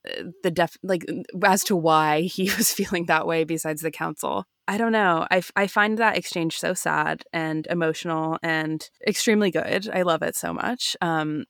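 Low, gravelly-voiced woman. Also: normal speed, hardly any pauses, a bit bright, no echo, studio quality. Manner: enthusiastic, thinks aloud. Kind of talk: casual discussion.

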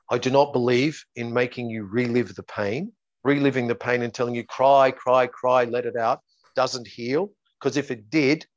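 A male therapist lays out his approach in a steady, methodical run of repeated phrases. The audio is dull and lo-fi, with a dry, close sound. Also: medium pitch, dry recording. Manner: repetitive, methodical, acts out client dialogues. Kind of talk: explaining his method in an interview.

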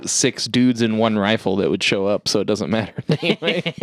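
A man's voice: on the low side, animated, moderate pace, no echo. Sardonic, blunt man with crude quips. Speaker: podcast co-host. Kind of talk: casual comedic chat.

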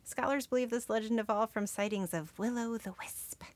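A woman co-hosting a comedic podcast who delivers wry, deadpan jokes in a playful tone. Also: a little high, moderate pace, no echo. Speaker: podcast co-host. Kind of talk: comedic scripted storytelling.

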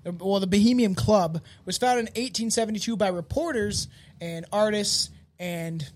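A man's voice: high-pitched, moderate pace. A man hosting a casual comedy podcast, crude and joking, rambling with frequent restarts. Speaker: podcast host.

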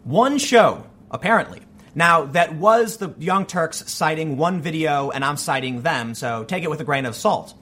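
Male political commentator, husky tone, fairly high voice, pressing his points hard. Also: lively intonation, normal speed, pushed and bright. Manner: argumentative, emphatic. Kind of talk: opinion commentary monologue.

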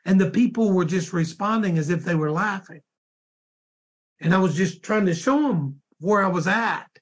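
A man, a minister, slowly recounting a dream in a sermon, halting and repeating words as he goes. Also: sits high, expressive.

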